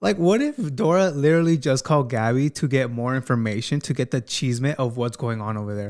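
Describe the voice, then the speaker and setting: Male commentary host, mid-pitched, clean resonant voice, casual slangy delivery. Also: brisk, few pauses. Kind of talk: gossip commentary.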